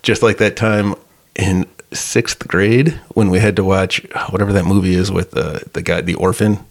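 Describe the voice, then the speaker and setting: Low gravelly male podcast co-host, rambling jokey chat. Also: fairly even intonation, moderate pace. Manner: rambling, joking anecdotes. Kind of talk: casual movie review chat.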